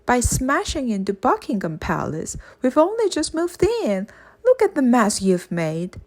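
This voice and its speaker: A woman's voice: a little high, huge pitch swings, measured pace, pitched above the performer's own voice, exaggerated voice. A woman reading aloud and voicing a haughty, stern old queen who snaps orders. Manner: imperious, snappish. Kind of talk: audiobook character voice.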